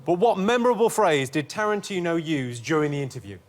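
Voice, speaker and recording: A man hosting a comedy quiz, delivering scripted deadpan one-liners in a TV studio. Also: a little high, a little fast, a little hiss or hum. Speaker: quiz host. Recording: TV studio with audience laughter. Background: studio audience laughing.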